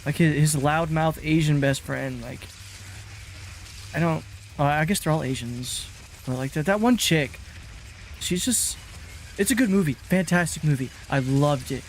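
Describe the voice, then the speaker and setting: A man's voice: on the high side, measured pace, pauses often, a little hiss or hum. A man streaming a game, chatting casually in a rambling, self-mocking way and swearing freely. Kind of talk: casual gaming commentary.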